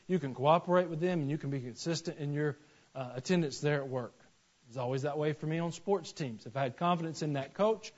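Pastor preaching, slightly high voice. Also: male voice. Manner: animated storytelling, acts out voices in anecdotes. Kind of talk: sermon. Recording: dull lo-fi sermon recording.

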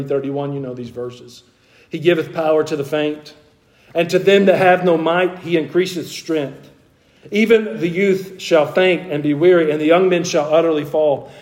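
A man's voice: a little high, a little mellow. A man preaching a sermon as a pastor, reading scripture aloud and building up fervor as he speaks. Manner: preaching with rising fervor, quoting scripture in old wording. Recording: echoey room.

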